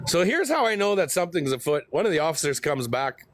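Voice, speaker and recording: A man's voice: a little high, very animated, fast, few pauses. Foul-mouthed man ranting. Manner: profane, heated storytelling. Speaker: host. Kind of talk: casual vlog rant.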